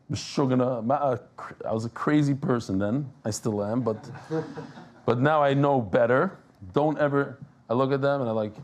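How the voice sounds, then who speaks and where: A man giving a lively Talmud class, telling stories and joking with the people in the room. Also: medium pitch, a little hiss or hum. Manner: animated, joking, mixes Yiddish and Hebrew terms. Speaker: daf yomi teacher. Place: class with live audience.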